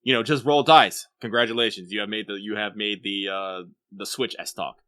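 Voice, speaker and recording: A man co-hosting a podcast in casual chat, rambling and animated, swearing offhandedly and often restarting his sentences. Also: on the low side, moderate pace, no room sound. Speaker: podcast co-host.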